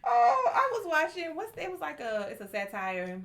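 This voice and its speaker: A woman chatting on a podcast, animated, with loud outbursts and quiet asides. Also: sits high, moderate pace. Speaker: podcast co-host. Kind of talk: casual chat.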